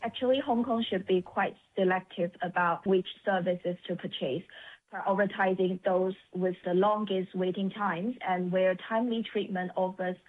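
A woman research manager giving a careful, deliberate explanation in a recorded interview clip. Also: fairly low pitch, steady tone. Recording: phone-like thin audio.

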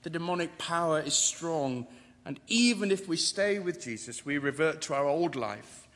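A man preaching a sermon, building through repeated phrases and slowing down for emphasis. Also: on the high side, lively intonation, a bit bright. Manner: rhetorical, building repetition with slowed emphasis. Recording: long reverb of a large hall.

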